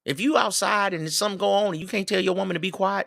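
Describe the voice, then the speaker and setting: Bright-voiced man preaching street advice. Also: sits high, fast talker, creaky, dry recording, clean studio sound. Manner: streetwise slang, preachy, joking, loud swings. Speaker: show host. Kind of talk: casual advice monologue.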